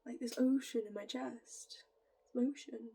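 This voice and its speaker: A woman's voice: fairly high pitch, fairly even intonation, a little slow, vocal fry, husky. Giggly young woman with northern English accent. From northern England. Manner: rambling, giggly, drifts into soft whispery asides. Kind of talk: casual musing monologue.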